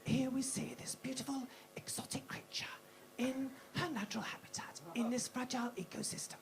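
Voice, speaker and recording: A woman voicing a posh older male wildlife documentary narrator in a hushed, breathy whisper. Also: sits high, little pitch movement, brisk. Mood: hushed reverent.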